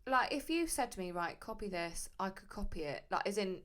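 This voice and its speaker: A young woman, a tattoo artist, chatting casually and telling lively stories. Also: mid-range voice, fairly quick. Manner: chatty, animated storytelling. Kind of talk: casual chat.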